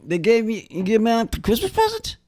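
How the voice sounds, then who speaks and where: A man with a New York accent chimes in with quick reactions during a casual chat. His voice is high and swoops widely up and down. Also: wildly swooping pitch, darkish tone. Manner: chiming in with short reactions. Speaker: host.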